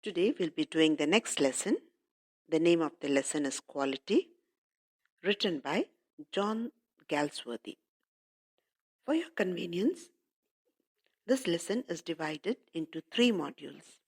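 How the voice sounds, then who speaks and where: A woman's voice: on the low side, lively intonation, unhurried, pauses often, a little mellow, slightly rough. A woman teacher explaining a lesson to children, addressing them directly and repeating points.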